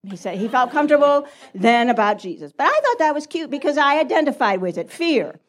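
A woman's voice: sits high, expressive, brisk. A woman telling a story at a church talk, acting out the voices and laughing often.

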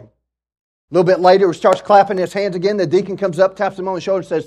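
A man with a high, bright voice preaches a lively sermon. He builds up to shouting exhortations, then drops into humorous stories told with asides to the congregation. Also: fast talker. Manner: preaching with rising shouts and call-outs; storytelling with asides. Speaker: pastor.

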